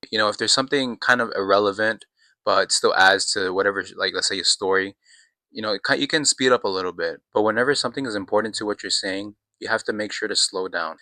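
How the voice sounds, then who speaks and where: Male host of a casual explainer, slightly low and bright tone, dry sound, relaxed with lots of fillers. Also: dry recording. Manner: relaxed, frequent "you know" and "right?" fillers. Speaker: video host teaching communication. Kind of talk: casual self-help explainer.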